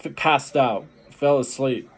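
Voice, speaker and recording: A man's voice: mid-range voice, slow pace, breathy edge. A man hosting an anime reaction video, tired late at night, rambling loosely with fillers and restarts. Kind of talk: casual reaction commentary.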